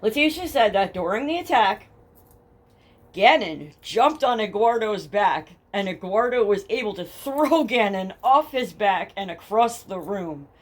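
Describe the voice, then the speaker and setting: A woman from New Jersey, speaking with that accent at a medium pitch, with lively intonation and a slightly slow pace, hosts a true crime podcast through headphones and a home mic. She tells cases casually, reading the documents aloud and then mocking them, blunt, sarcastic and profane.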